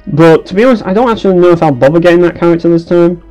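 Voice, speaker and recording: A man's voice: a little high, rapid-fire, mellow, dull audio, soft background music. A young man giving sarcastic, sweary commentary while playing a game. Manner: ranting, swears a lot, sarcastic. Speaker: let's play commentator. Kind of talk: casual gameplay commentary.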